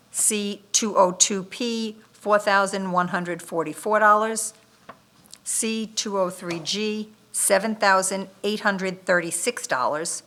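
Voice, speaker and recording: A woman reading bid amounts aloud at a town bid opening, listing item codes and dollar figures in a steady, methodical way. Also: mid-range voice. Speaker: municipal official reading bids. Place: town government meeting room.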